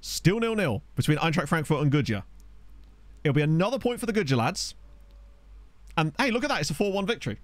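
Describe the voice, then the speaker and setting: A young male gaming streamer gives live commentary over a football management game, chatting with viewers and reading their messages aloud as the match unfolds. He talks fairly quickly with long pauses, and his pitch jumps wildly when he gets excited. The audio is dry and close with no echo, like a desk USB microphone at home.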